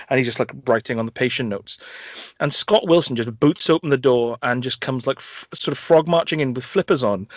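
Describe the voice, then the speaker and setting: A man's voice: mid-range voice, no room sound. A young man hosting a film podcast, retelling scenes with enthusiasm, full of fillers and restarts. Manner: enthusiastic, rambling storyteller with many fillers and restarts. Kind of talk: casual chat reviewing films. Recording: dull, lo-fi, dry sound.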